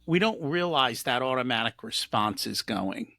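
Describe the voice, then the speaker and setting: A man's voice: medium pitch, expressive, normal speed, gravelly, bright, forceful tone, no echo. A man hosting a podcast, chatting casually with his guest and repeating words as he thinks aloud. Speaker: podcast host. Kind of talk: casual interview chat.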